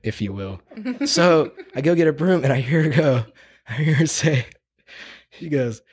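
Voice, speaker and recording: Realtor guy telling a wild story, super expressive pitch, says bro a lot. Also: a little slow. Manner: animated, slangy, laughs a lot. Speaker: real estate agent. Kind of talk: casual storytelling.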